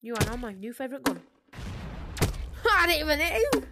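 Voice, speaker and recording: A young woman giving chatty, excitable commentary while playing a VR game, swinging from muttering to sudden shrieks. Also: high-pitched, rapid-fire. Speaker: gaming video creator. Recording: noisy gameplay recording.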